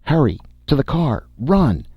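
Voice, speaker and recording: A man's voice: mid-range voice, very animated, a little slow, breathy edge, dry recording, pitched above the performer's own voice, exaggerated voice. A man reading aloud, voicing a frightened young man in a raised, urgent voice. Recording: dull, lo-fi dry recording.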